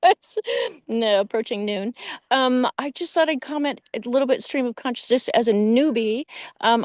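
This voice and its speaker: A woman's voice: a little high, darkish tone, dry recording. A woman joining an online book discussion from home, chatty and enthusiastic with many fillers. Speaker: reading group participant. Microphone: video call.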